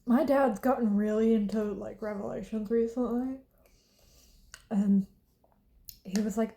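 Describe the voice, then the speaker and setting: A young woman chats casually to her camera. She talks bluntly and profanely, drifting from one thought to the next. Her voice sits a little high but stays soft and mellow in tone. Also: fairly even intonation, a little slow, vocal fry, long pauses. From Southern United States. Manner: rambling, blunt and profane, with laughs and sighs. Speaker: vlogger. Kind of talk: casual chat while eating.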